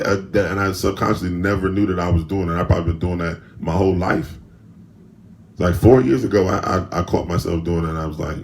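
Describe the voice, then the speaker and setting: A man's voice: sits low, fast, a little hiss or hum. A man hosting a solo podcast, telling stories in a loose, rambling, slangy way with speech. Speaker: podcast host. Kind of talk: casual solo podcast monologue.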